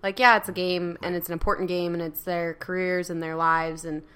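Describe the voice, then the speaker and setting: A woman's voice: fairly low pitch, little pitch movement, fairly quick, a bit bright, smooth. A woman around thirty co-hosting a casual podcast, easygoing and wry in her replies. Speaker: podcast co-host. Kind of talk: casual chat.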